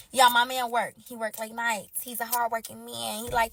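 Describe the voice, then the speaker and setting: A woman with a high, bright-pitched voice tells a storytime in loose, slangy chatter. She keeps turning to her viewers and calling them y'all, animated and expressive throughout. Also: moderate pace, hardly any pauses, no echo. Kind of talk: casual storytime to camera.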